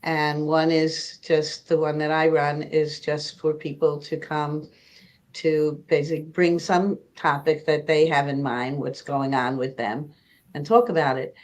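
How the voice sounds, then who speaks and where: Low-voiced woman describing her programs. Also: flat delivery, a little slow, darkish tone. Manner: hesitant, many uh and um fillers. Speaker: patient advocate program leader. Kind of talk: panel discussion. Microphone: video call.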